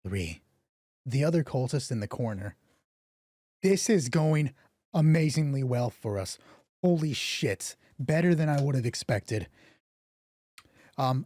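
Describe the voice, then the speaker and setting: Excitable husky-voiced man running a solo game. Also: fairly high pitch, no room sound. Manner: excitable, swears freely. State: voice getting hoarse. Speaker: game master. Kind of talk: narrating a solo tabletop game stream.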